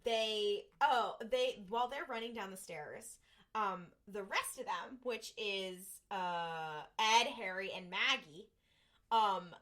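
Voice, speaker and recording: Chatty, bright-voiced young woman. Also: mid-range voice, slow pace. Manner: rambling, animated retelling with many fillers and quoted voices. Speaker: podcast co-host. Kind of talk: casual chat recapping an episode.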